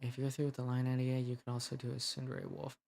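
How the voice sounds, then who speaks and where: A man's voice: medium pitch, completely flat delivery, fast talker, vocal fry, darkish tone. A young man, an audio drama creator, chatting casually and brainstorming ideas, rambling and laughing as he cuts himself off. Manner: rambling, giggly, self-interrupting.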